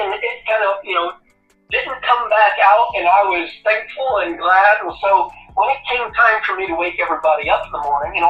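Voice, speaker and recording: A man in his fifties, a retired Navy corpsman and podcast guest, telling an animated, profane story and laughing at himself. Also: high voice, echoey room, recorded from a distance, muffled recording. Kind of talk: casual interview storytelling.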